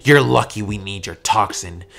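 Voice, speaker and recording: A man voicing a cold, hostile young male villain leader in a fan-made story, speaking low, quiet and threatening. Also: moderate pace, vocal fry.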